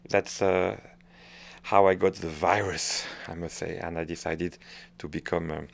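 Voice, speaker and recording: A man's voice: deep voice, steady tone, unhurried, gravelly. A middle-aged French man with a French accent, a conductor answering interview questions, hesitant and searching for words with frequent restarts. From France.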